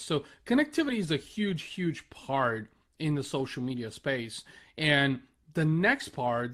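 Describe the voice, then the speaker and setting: Earnest man with a slightly high voice. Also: fairly bright tone. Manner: earnest, emphatic, repeats key phrases. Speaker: podcast host and marketing consultant. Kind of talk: solo Facebook live talk.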